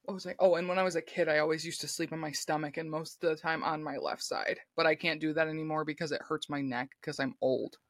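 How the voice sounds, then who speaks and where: A woman's voice: low-pitched, fairly even intonation, fast talker, few pauses, dry recording, clean studio sound. A woman co-hosting a podcast in casual chat, giggly and playful, sometimes breaking into sing-song. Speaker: podcast co-host.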